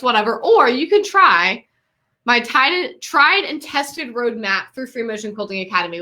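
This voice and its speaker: An online quilting teacher addresses her graduating students over a webcam in a live stream, warmly effusive and encouraging. Her voice sits on the high side and has a sharp tone.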